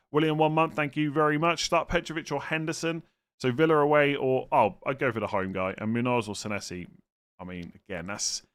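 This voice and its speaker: Man, casual live-stream chat, thinks aloud, hesitant restarts, exasperated asides, mid pitch. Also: a bit bright. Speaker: fantasy football streamer answering chat.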